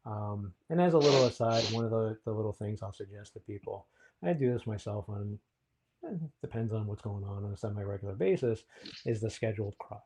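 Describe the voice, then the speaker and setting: Man, therapist, podcast co-host, mellow warm tone, reflective, casual explaining. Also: on the low side, brisk, breathy edge. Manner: reflective, explanatory, frequent ums.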